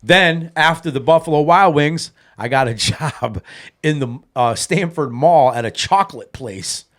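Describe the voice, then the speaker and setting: Animated man telling a recovery story. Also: measured pace. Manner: animated storyteller, acts out quoted voices with big pitch jumps. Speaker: podcast co-host in recovery. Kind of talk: casual storytelling chat.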